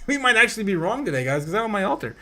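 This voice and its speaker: A man with a fairly high voice rambles through a casual crypto livestream. He laughs often and reads out viewer comments as he goes. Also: big pitch swings, racing, sharp tone. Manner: rambling, laughs often, talks to chat as "guys".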